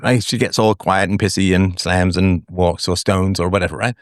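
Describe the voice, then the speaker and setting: In an online audio space, a middle-aged host runs a live call-in show with a low voice, speaking a little slowly with long pauses. Still animated and casual, he acts out the voices he quotes and breaks into bits of song, all captured in a dry, studio-quality recording.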